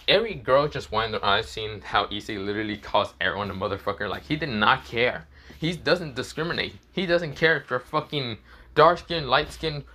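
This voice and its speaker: Young man, casual fan story narration, rambling and swearing, bright edgy voice. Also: medium pitch. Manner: rambling, lots of fillers, heavy swearing. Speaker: fan fiction reader.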